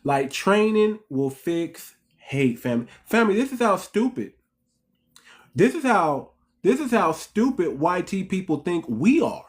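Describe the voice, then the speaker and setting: A channel host in an impassioned commentary monologue, with a voice of middling pitch. The delivery is heated and repetitive, full of emphatic restarts. The host keeps putting rhetorical questions to the viewers and calls them family. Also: very animated, a little slow.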